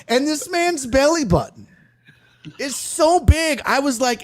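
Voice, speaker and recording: Animated, high-voiced profane male storyteller. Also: measured pace. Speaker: comedian and sports talk host, guest. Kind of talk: casual storytelling on a podcast.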